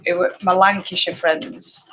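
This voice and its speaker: A woman with a Yorkshire accent chatting casually and rambling on a live stream, talking loudly over her spinning wheel and laughing often. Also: on the low side, little pitch movement, unhurried, low-quality recording. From Yorkshire, England. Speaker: spinning channel host.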